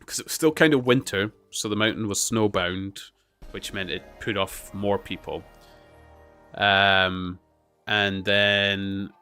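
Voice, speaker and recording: A man's voice: on the low side, fairly even intonation, slow pace, pushed and bright, clear, resonant tone, soft background music. A man chatting casually while streaming a game, rambling through laid-back stories with plenty of filler. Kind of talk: casual chat while gaming.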